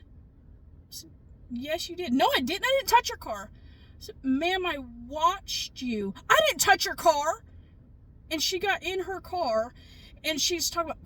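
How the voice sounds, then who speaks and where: A woman's voice: sits high, fairly bright tone, slight background noise, low-quality recording. A woman casually telling a story about her day, chatty and exasperated, swearing now and then.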